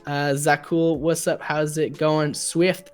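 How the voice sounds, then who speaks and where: Laid-back young esports caster. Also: male voice, on the high side, flat delivery, slow, clean tone, soft background music. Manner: laid-back, chatty, greets chat viewers. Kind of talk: live esports commentary.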